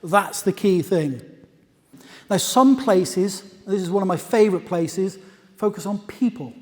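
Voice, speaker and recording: A man's voice: sits high, a little slow. A man giving a conference presentation in a hall, talking in a conversational, anecdotal way with asides. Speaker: conference speaker. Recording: long reverb of a lecture hall.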